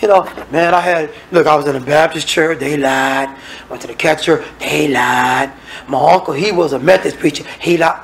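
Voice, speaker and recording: A man's voice: fairly high pitch, fairly quick, vocal fry, a bit bright, slight background noise, low-quality recording. Folksy preacher man. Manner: conversational, acts out the people in the scripture; folksy, colloquial asides to the congregation. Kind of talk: sermon.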